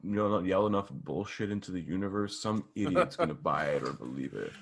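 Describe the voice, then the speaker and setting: A man co-hosting a podcast in rambling, crude casual chat, leaning hard on "like". His voice sits very low with a gravelly fry. His pitch swings widely as he talks. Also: lively intonation, brisk, very noisy. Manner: crude, rambling, heavy use of "like". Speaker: podcast co-host.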